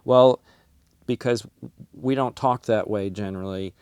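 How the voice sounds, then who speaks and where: A man's voice: on the low side, measured pace, a little mellow, smooth, no room sound. A middle-aged man teaching a Bible class in a conversational way, often repeating words and acting out the lines he quotes.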